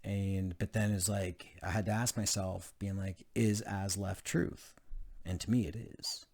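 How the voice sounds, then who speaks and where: A man's voice: low voice, fairly even intonation, moderate pace, a little mellow, slight background noise. A man reading aloud from a book, with casual asides and frequent fillers. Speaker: channel host reading a self-help book.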